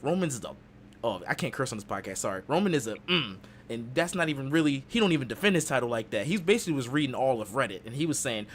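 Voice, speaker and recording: A man's voice: medium pitch, animated, fast, a little hiss or hum. Playful man hosting a wrestling podcast. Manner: playful, slips into silly voices and accents. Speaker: podcast host. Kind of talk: casual wrestling recap.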